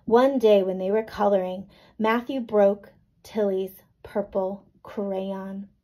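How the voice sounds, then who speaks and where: A woman teacher reading a picture book to children, gently explaining and checking in with little questions. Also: mid-range voice, fairly even intonation, slow, poor audio. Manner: gentle, checks in with "right?" and "okay?".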